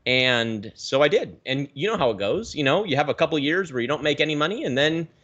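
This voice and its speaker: A man from the Pacific Northwest, a guest telling his story in a rambling, animated way with many restarts, on a video call. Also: on the high side, quick pace, muffled recording. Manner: animated, rambling, self-correcting. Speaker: guest, aquarium YouTuber.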